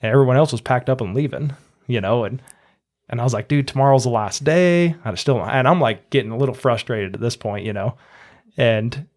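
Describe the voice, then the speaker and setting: A man's voice: mid-range voice, fairly quick. A man hosting a podcast, telling a long story casually and acting out what others said. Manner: chatty, acts out quotes in a raised voice. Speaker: podcast host.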